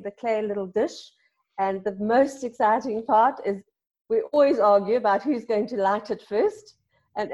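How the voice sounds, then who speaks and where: Warm-toned woman on dull lo-fi audio. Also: mid-range voice. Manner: enthusiastic, effusive. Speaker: guest. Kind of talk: casual chat.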